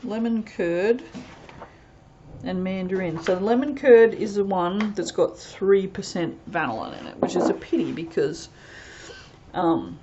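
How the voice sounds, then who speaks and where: A woman's voice: medium pitch, lively intonation, unhurried, dull audio, background noise. A woman chatting casually as she reviews soap fragrances, rambling and reading product blurbs aloud. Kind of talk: casual unboxing chat.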